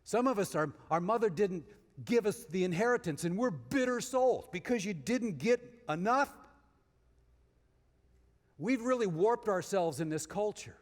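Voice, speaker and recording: A man giving a sermon as guest speaker, moving between emphatic rises and hushed storytelling. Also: high-pitched, lively intonation, unhurried. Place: church sanctuary. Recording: long reverb of a large hall.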